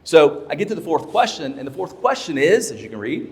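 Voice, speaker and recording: A man's voice: fairly high pitch, sing-song, fairly quick, a little mellow. A man giving a keynote talk to a live audience, telling a story with emphatic repetition of his key points. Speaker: leadership speaker. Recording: long hall reverb.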